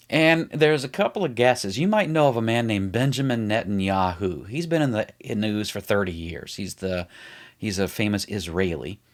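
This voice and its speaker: A man's voice: on the low side, lively intonation, measured pace. A middle-aged man teaching an online Bible study in a chatty way, explaining things as he writes them out on the screen. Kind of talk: casual online Bible lesson.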